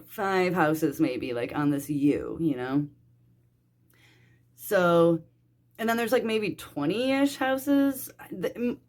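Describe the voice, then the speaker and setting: A young woman telling a personal story in a rambling, casual way, full of fillers and swearing. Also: lowish voice. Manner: swearing, rambling, lots of "like" and "dude". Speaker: vlogger.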